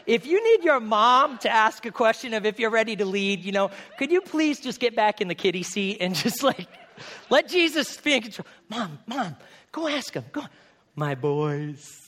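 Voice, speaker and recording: Man, pastor, high voice, lively conversational sermon, from New England. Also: moderate pace. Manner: animated, conversational preaching with voiced asides.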